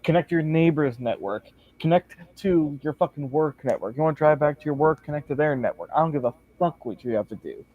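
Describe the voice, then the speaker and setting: A man's voice: a little high, animated, a little fast, few pauses, dry recording, narrow, tinny audio. A man co-hosting a casual gaming podcast, talking in a blunt, emphatic way and swearing heavily. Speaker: podcast co-host.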